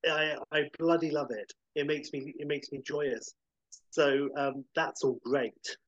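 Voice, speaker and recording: A man's voice: on the high side, fairly even intonation, measured pace, no echo, dull audio. A man co-hosting a podcast in casual chat, laughing along and gushing with praise. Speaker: podcast co-host.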